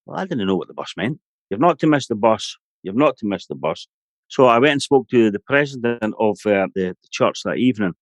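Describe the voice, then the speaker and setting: A man's voice: on the low side, lively intonation, a little fast, dry recording. A middle-aged Scottish man, a guest on a podcast, telling a long personal story in a rambling, anecdotal way full of "you know". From Scotland.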